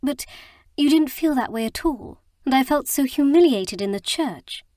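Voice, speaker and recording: A woman voicing an earnest, emotional young bride in an audiobook, speaking in a halting, heartfelt way. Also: high voice, lively intonation, warm tone, no room sound, studio quality, voice pushed up. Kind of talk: audiobook character reading.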